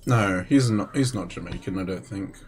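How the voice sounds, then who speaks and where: A man's voice: low-pitched, normal speed, noisy background. Chatty man streaming a game. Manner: chatty, chuckles, talks to viewers while playing. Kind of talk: casual live-stream chat.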